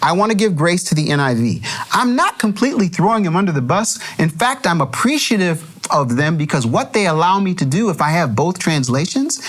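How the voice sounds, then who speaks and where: A man teaching a Bible study, chatty and animated, chuckling and restarting phrases as he explains. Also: a little high, fairly quick.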